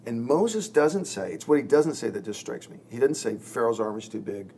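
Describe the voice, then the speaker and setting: A male pastor in a podcast chat, his voice gravelly with a bit of vocal fry. He tells stories earnestly and drops his voice to act out quoted lines. A faint hum sits behind him. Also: medium pitch, animated, moderate pace, darkish tone. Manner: earnest, storytelling, acts out quoted lines with dropping voice. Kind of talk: podcast discussion among pastors.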